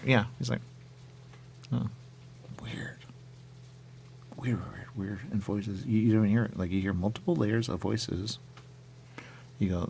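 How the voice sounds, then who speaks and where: A man's voice: on the low side, steady tone, measured pace, gravelly, pauses often, darkish tone, a little hiss or hum. A man hosting a radio show, rambling and musing aloud in casual chat.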